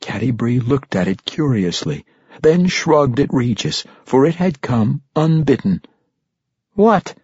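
A man reading a fantasy audiobook in a measured, dramatic storytelling manner. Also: mid-range voice, lively intonation, darkish tone, breathy edge, no echo, lo-fi sound. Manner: measured, dramatic storytelling that lifts for tense moments. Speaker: audiobook narrator. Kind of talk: scripted fantasy audiobook narration.

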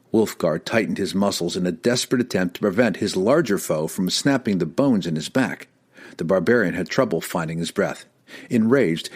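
A man narrates a fantasy adventure aloud. His voice is husky and sits a little low, and his pitch rises and falls a lot as he drives the action forward dramatically. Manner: dramatic, expressive storytelling. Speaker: audiobook narrator.

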